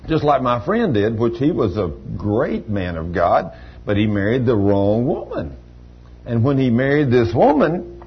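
A man's voice: medium pitch, slight background noise. An older man preaching a sermon with personal testimony, telling folksy stories and acting out the dialogue with rising emphasis. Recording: dull lo-fi recording.

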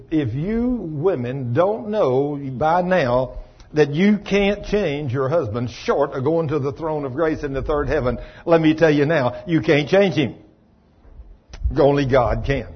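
A man preaching a folksy, storytelling sermon in a colloquial, animated way. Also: fairly high pitch, slightly rough, muffled recording. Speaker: pastor.

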